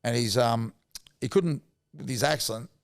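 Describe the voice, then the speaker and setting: As a guest on a podcast, this ex-rugby league player, a middle-aged Australian, shares heartfelt, rambling stories that turn emotional in casual conversation. He speaks unhurriedly at medium pitch with vocal fry, in clean, echo-free studio sound.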